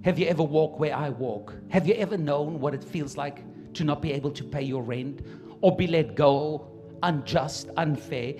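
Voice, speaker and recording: A man preaching a sermon to his church, swinging from quiet asides to loud emphatic peaks. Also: fairly high pitch, moderate pace, over music. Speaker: pastor.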